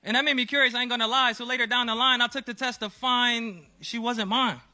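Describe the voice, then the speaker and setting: High bright-voiced spoken word poet, male. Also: fairly even intonation, fairly quick. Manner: rhythmic rhyming storytelling, acting out each person in the story. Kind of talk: open mic spoken word performance.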